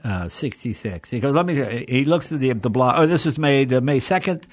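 In a clean, dry studio recording, an older man with a mid-range voice tells stories at a normal pace. As a guest in a casual chat, he gets animated and mimics the people in his anecdotes.

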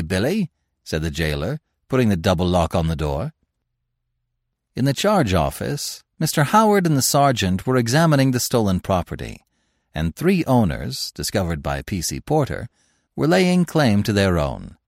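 Brief: male audiobook narrator, dramatic and expressive, very lively pitch, dry close sound. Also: normal speed, no room sound.

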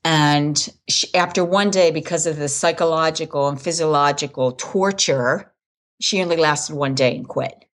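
With a low-sitting voice at a moderate pace, a woman in her fifties shares her story as a podcast guest. She's candid and casual, frequently laughing and voicing what others said. The audio is poor.

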